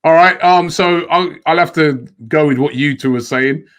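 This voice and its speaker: A man's voice: fairly high pitch, moderate pace, a bit bright. A man hosting a casual football debate, talking in a laid-back, hesitant way with frequent restarts. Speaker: host.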